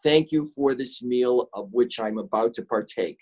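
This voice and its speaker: A man's voice: mid-range voice, moderate pace, darkish tone, slightly rough, natural voice. Man playing a polite, pious bear, slightly raised voice. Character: hungry male bear saying grace.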